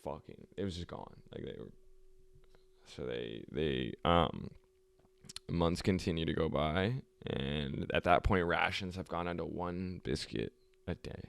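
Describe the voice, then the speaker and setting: A man's voice: a bass voice, animated, measured pace, creaky, a bit bright, clean tone, no echo. A young man hosting a podcast, telling a history story in a loose, profane, rambling way and laughing often. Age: young adult. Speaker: podcast host. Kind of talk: casual storytelling chat.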